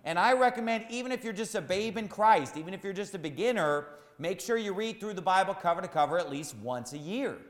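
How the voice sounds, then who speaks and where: A man's voice: sits high, lively intonation, fairly quick, hardly any pauses, long reverb tail. A man preaching a sermon as pastor, emphatic and repeating key phrases for stress.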